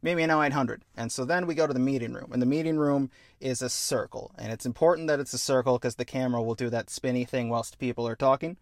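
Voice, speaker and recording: A man on a podcast, pitching a movie idea with lively, acted-out scenes. His voice is mid-pitched and recorded close and dry. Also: no room sound. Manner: animated, acts out scenes in quick voices. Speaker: podcast host. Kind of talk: casual pitch of a story idea.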